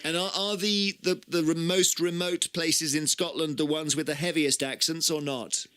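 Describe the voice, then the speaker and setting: Lively male radio host, high and bright voice. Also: moderate pace, clear, resonant tone. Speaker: radio presenter. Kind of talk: radio phone-in hosting.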